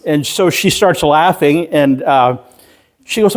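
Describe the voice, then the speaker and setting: Slow-talking pastor preaching a sermon. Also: male voice, fairly high pitch. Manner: slow, halting storytelling with self-deprecating humor. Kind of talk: sermon with personal story. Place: church sanctuary.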